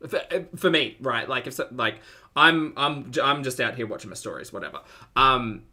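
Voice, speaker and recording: A man's voice: mid-range voice, animated, moderate pace, sharp tone. A man with an Australian accent giving casual reaction commentary, sleepy and rambling with many restarts.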